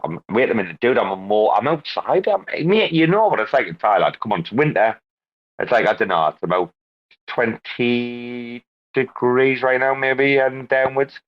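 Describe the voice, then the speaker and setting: A man's voice: mid-range voice, moderate pace, muffled recording. A man, chatting casually outdoors at night, swearing a lot and rambling with slangy restarts. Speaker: regular on a live crypto audio show. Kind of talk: casual chat.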